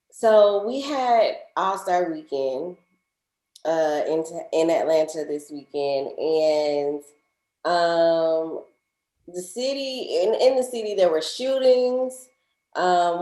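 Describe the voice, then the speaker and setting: Southern woman co-host, lowish voice, animated and laughing, roomy echo. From Georgia, US. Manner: chatty, laughs often, animated storytelling. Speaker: podcast co-host. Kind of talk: casual chat.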